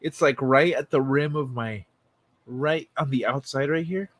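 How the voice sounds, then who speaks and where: A man's voice: mid-range voice, unhurried, fairly bright tone, slight background noise. A man from Central America hosting a livestream, chatting casually and laid-back with viewers, often chuckling and swearing. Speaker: livestream host.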